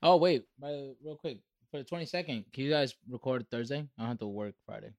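A man on a casual podcast, quick and playful, teasing his friends. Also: medium pitch, expressive, a little mellow, no echo, studio quality. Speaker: podcast co-host.

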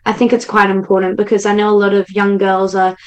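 A bubbly young woman from Australia talking about acting, her voice at a middle pitch. She gushes freely and sprinkles her speech with fillers. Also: flat delivery, fast talker, poor audio. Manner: bubbly, gushing, many "like" fillers. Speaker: young actor guest. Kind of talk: casual interview chat.

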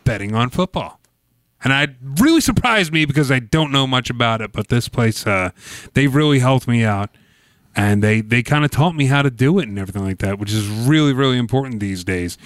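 A man co-hosting a casual wrestling podcast, talking in a lively, joking way. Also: fairly quick, dry recording. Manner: animated, jokey, reads ad with big pitch swings. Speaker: podcast co-host. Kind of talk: casual wrestling chat with read ad.

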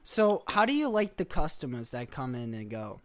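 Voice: mid-range voice, very animated, moderate pace. A friend in casual chat who keeps prodding the others with curious questions. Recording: clear background noise.

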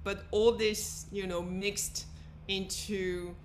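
A woman's voice: mid-range voice, level tone, takes it slowly, a little hiss or hum. A middle-aged woman with a French accent, a company founder talking as a podcast guest, reflective and full of "you know". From France. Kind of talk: podcast interview.

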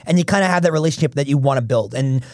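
A man hosting a sports podcast, talking fast and emphatically as he argues his points. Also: mid-range voice, a little mellow, no echo, clean studio sound. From Philadelphia area. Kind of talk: casual sports talk.

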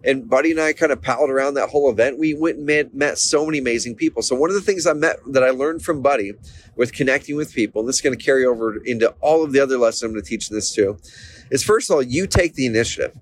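Man, 30s, from Oregon, teaching through a personal story, energetic, mid-range voice. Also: medium pitch, quick pace, slight background noise. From Oregon, USA. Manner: energetic, animated quoting of others, frequent restarts. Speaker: business coach. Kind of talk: storytelling lesson.

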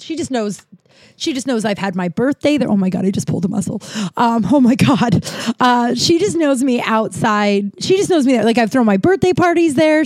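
A woman's voice: fairly high pitch, darkish tone, no echo. Chatty, profane woman with a dry close sound. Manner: chatty, profane, rambling with many restarts. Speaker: podcast host. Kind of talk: casual storytelling monologue.

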